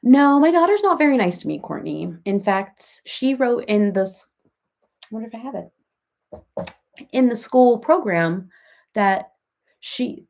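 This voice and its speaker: Using a mid-range, darkish voice with vocal fry, a female comedian plays a chatty reality-TV mom in a parody live chat. She rambles through gossip and stories about family, laughing as she talks.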